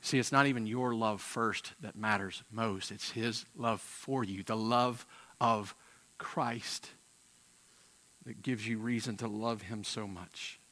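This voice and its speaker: Impassioned male preacher, bright voice. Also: fairly low pitch, fairly even intonation, takes it slowly. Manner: impassioned, swings from loud emphasis to quiet intensity; repeats words and restarts mid-phrase. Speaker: pastor. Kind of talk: sermon.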